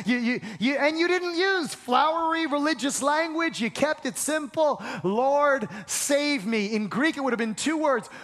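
A man preaching a sermon, emphatic and repetitive, asking the congregation questions and sometimes shouting. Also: very high-pitched, big-room sound. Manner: emphatic, repeats phrases, asks the congregation questions, occasional shouts. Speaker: pastor.

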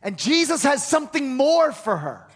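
A man's voice: extremely high pitch, big pitch swings, normal speed. A man preaching a sermon, building to emphatic peaks and repeating key phrases. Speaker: pastor. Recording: long hall reverb.

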